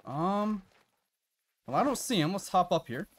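A chatty male game streamer talking his viewers through a hunt. His voice sits a little high and swings widely in pitch, jumping up when something surprises him. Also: animated, unhurried. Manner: chatty, reacts loudly with laughs and gasps. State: out of breath at times. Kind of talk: live gameplay commentary.

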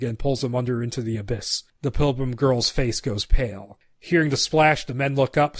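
A male podcast co-host with a medium-pitched voice mixes casual conversation with reading screenplay narration aloud, complete with stumbles and asides. The sound is dry and clean, like a studio.

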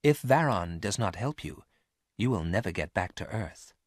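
A man voicing a calm male spaceship crewman who speaks quietly and evenly. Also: lowish voice, moderate pace, background noise, natural voice. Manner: quiet, level.

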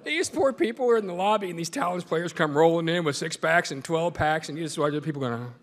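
A man's voice: on the high side, quick pace, in a large hall. A man giving a humorous storytelling speech as a guest speaker, full of self-deprecating jokes. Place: large meeting hall.

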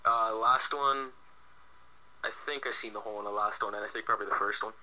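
A young man from Canada, a guest in a casual chat, sarcastic and deadpan. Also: lowish voice, a little fast, background noise.

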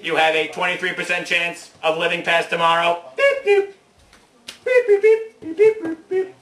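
A man voicing a male cardboard robot that beeps, calculates and taunts in a monotone. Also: high voice, moderate pace, roomy sound. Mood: beeping.

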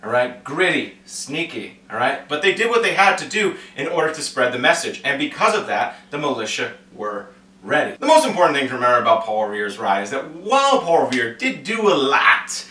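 A man teaching history in a casual, playful way, acting out quick comic voices as he explains. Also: medium pitch, very animated, bright, forceful tone. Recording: echoey room, voice from a distance.

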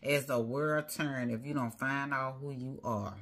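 Low husky woman preaching, keeps repeating lines to hammer it in. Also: fairly even intonation, a little slow, fairly bright tone. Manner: preachy, rhythmic, repeats phrases for emphasis. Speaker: prophetess preaching. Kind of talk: sermon.

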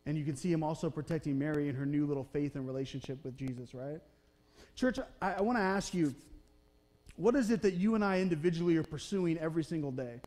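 A high-voiced, slightly mellow pastor gives a conversational sermon in the sanctuary, often asking the congregation "okay? right?" as he retells the story. He voices the Bible characters in brief acted quotes.

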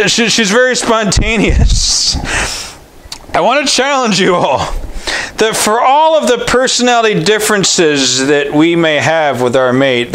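Man, pastor, fairly high voice, casual sermon, joking, stumbling restarts. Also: a bit bright, a little hiss or hum. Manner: chatty and joking, with frequent restarts. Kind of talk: conversational sermon.

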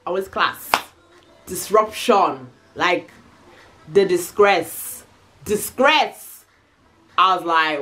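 A young woman telling a casual, slangy storytime, animated and full of swearing. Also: on the low side, takes it slowly, long pauses, soft background music. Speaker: vlogger.

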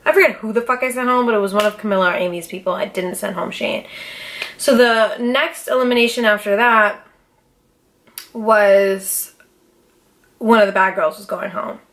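A young woman hosting a podcast tells a story in a casual, profane, animated style, breaking into dramatic outbursts. Her voice is medium in pitch and moves at a normal speed.

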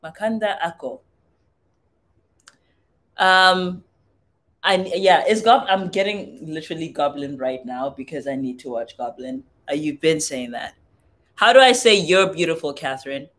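Speaking in a deep yet fairly bright voice, a young Southern African woman takes her time and pauses often. She hosts a relaxed livestream, reading viewer comments aloud, chatting with them, and attempting phrases in other languages.

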